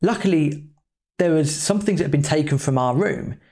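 A man's voice: on the high side, expressive, moderate pace, mellow. A man, a podcast host telling a travel story in a casual, chatty way with the odd swear word. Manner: chatty, loose, with mild swearing.

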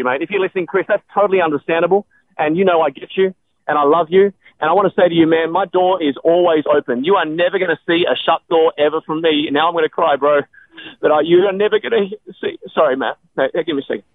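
A man, a guest on a call-in radio show, speaking earnestly with many halting restarts. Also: fairly high pitch, phone-quality sound, a little hiss or hum. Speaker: radio guest answering callers.

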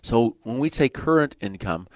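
A man with a Michigan accent hosting a radio mortgage show from the studio. He talks plainly and throws in the odd joke while laying out numbers. His mid-pitched voice is recorded close and dry. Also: expressive, moderate pace, no echo. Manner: plainspoken, joking between explanations.

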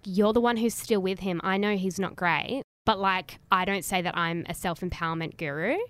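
A woman trades sarcastic recap chat with her co-host and slips into quick mock quotes. She talks at a middle pitch, and her voice sits dry and close to the mic. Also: steady tone, a bit bright, clear, resonant tone, no echo. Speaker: podcast co-host.

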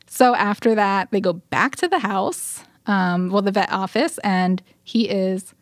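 A woman co-hosting a podcast and recapping a story in relaxed chat. She acts out quoted lines and fills pauses with "um" and "like". Her pitch is mid-range and the sound is dry and close. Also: no room sound. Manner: animated retelling, acts out quotes, frequent fillers. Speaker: podcast co-host.

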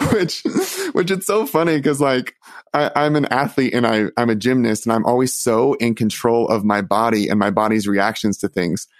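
A young man earnestly telling a personal story, halting often and restarting his sentences. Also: mid-range voice, no room sound. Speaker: storyteller recounting his coming out.

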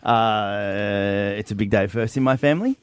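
A man's voice: lowish voice, clear, resonant tone, dry recording. Emotional Australian male radio host. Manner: emotional, halting, many fillers. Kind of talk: on-air farewell chat. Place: radio studio. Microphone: studio microphone.

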